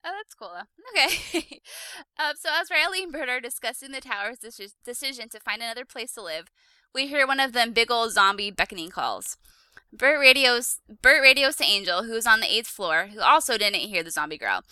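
A very bright, lively woman hosts a podcast in a giggly, chatty way. Her pitch swings widely as she jokes and reads a story recap. Her voice sounds smooth and clear, recorded close in a dry room. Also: a little fast, no echo. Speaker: podcast host. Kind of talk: casual chat and reading a recap.

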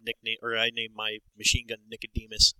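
A man's voice: on the low side, completely flat delivery, brisk, pushed and bright, clean tone, no echo, low-quality recording. A laid-back, joking man chatting on a podcast. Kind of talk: casual chat.

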